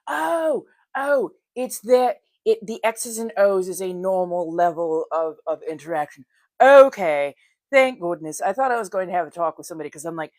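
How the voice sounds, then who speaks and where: An American livestream host with a voice on the low side and lively intonation talks at normal speed while putting on makeup. She's chatty, laughs a lot and warmly says hello to viewers by name, in clean studio sound free of room sound.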